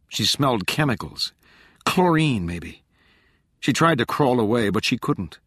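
A man reading a thriller audiobook in measured, dramatic narration. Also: deep voice, a bit bright, no room sound, clean studio sound.

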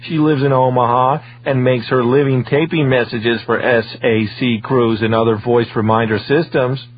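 A man doing a stern answering-service supervisor in a storybook reading, pitched well above the reader's own low voice and pushed louder. He speaks heavily, with reproach. The recording is dull and lo-fi with a faint hum. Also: fairly even intonation, moderate pace, close to an everyday voice. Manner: heavy, reproachful.

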